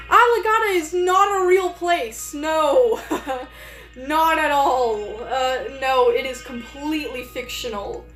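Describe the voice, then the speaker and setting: A woman's voice: high-pitched, slow pace, fairly bright tone, echoey room, faint music behind, poor audio. A woman streamer chatting casually and rambling, with lots of fillers and restarts. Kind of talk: casual live-stream chat.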